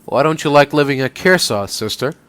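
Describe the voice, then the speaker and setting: A man reading the lines of a weary male artist in a plain, measured way. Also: medium pitch, expressive, a bit bright, smooth, dry recording, natural voice.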